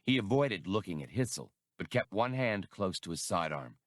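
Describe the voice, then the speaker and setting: A male audiobook narrator with a low voice and a lively, varied delivery, telling the story in a measured way. The recording is dry and close. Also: dry recording. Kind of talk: scripted narration.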